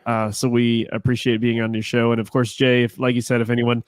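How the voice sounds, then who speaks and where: Joking, mid-pitched man from Ohio. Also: brisk, clear, resonant tone, no echo. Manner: joking and animated. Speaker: resort sales manager and podcast co-host. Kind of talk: casual chat as a guest.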